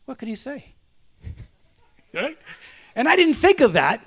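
High-voiced fervent man preaching a sermon. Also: very animated, unhurried, breathy edge. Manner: fervent, punctuates with call-outs to the congregation. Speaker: pastor. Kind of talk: sermon with personal storytelling.

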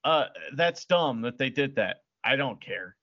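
A man's voice: mid-range voice, expressive, unhurried, fairly bright tone, highs cut off. A man co-hosting a casual podcast, laid-back and laughing, full of "you know" hedges. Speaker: podcast co-host.

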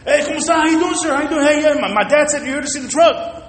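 Man playing a chipper young salesman. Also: very fast. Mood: excited. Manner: high, bright and overly cheerful. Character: eager young male car salesman. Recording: echoey hall reverb.

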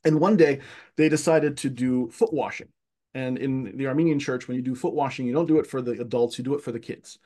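A man from Egypt, a podcast guest, telling childhood stories in casual conversation, lively and often repeating words as he searches for them. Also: mid-range voice, a little fast.

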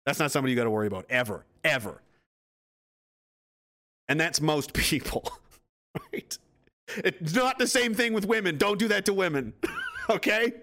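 A man's voice: fairly high pitch, wildly swooping pitch, normal speed, long pauses, pushed and bright. A man hosting a casual livestream, reading chat, rambling and profane and laughing often.

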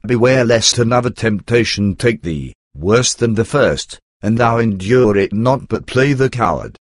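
A man reading the lines of a grave, caring older apostle in measured storybook narration. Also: fairly low pitch, expressive, dry recording, studio quality. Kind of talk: scripted reading aloud.

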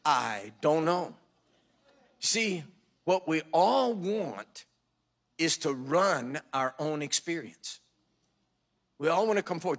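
A middle-aged man preaching in a fairly high voice. He tells his stories dramatically, dropping to a hush, then rising loud as he acts out what people said. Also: animated, slow pace, long pauses. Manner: dramatic, swinging from hushed to loud. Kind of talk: sermon with storytelling.

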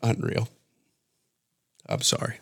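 A man hosting a podcast, ranting in a rambling, profane, mocking way. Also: slow pace. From Canada. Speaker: podcast host. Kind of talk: casual podcast rant.

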